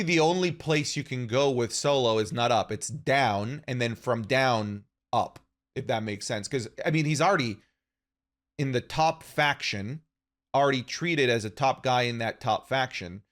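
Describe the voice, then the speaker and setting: Unhurried and fairly bright in tone, this mid-range male voice belongs to a podcast co-host chatting casually about wrestling. He gives opinionated, rambling takes and restarts often.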